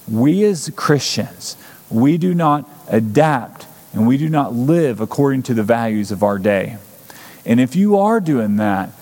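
A man's voice: mid-range voice, expressive, a little slow, darkish tone. A man preaching a sermon as pastor, earnest and urgent, building up with repeated phrases. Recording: long hall reverb.

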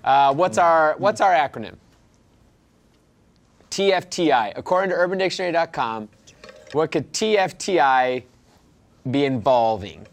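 A man's voice: fairly high pitch, animated, normal speed, long pauses. Playful man hosting a comedy game. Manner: playful, laughs often, awards points. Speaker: game show host.

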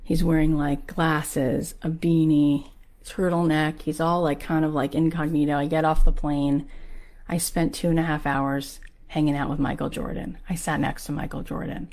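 A woman's voice: sits low, level tone, moderate pace, darkish tone. A woman telling a story in an enthusiastic, casual way, full of "like" and other fillers. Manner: enthusiastic, filler-heavy, with lots of "like". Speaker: speaker retelling a story.

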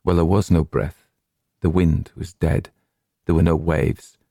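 Deep, mellow male horror storyteller. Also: flat delivery, vocal fry, no room sound, clean studio sound. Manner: hushed, measured, chanting rhymes slowly. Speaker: narrator. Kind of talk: storytelling reading of a horror tale.

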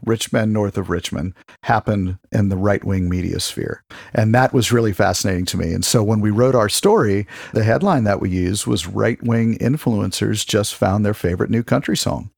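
A man speaking as a guest on a podcast, discussing a song in animated conversation and building to emphatic questions. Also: on the low side, moderate pace, creaky, slightly rough, no echo, studio quality. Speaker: music journalist, guest.

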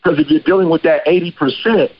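A man's voice: on the high side, steady tone, fast, dull audio. A man hosting a podcast, talking casually and emphatically with slang. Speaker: podcast host.

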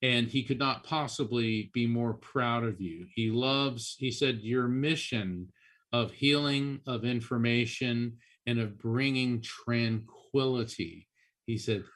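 Chatty man giving psychic readings, bright tone. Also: medium pitch. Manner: animated, repeats names, laughs often. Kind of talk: radio call-in readings, chatty.

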